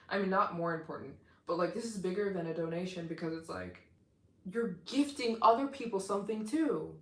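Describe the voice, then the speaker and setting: A woman hosting a casual live stream as a travel vlogger, talking to her viewers in an effusive, excitable way with lots of "like.". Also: mid-range voice, brisk, roomy sound. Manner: effusive and excitable, heavy use of "like".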